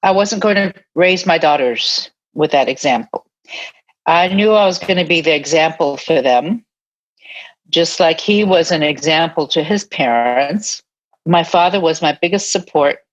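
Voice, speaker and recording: An older woman, a retired army nurse, telling her life story in an interview in an earnest, reflective way with soft laughs now and then. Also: deep voice, unhurried. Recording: dull lo-fi sound.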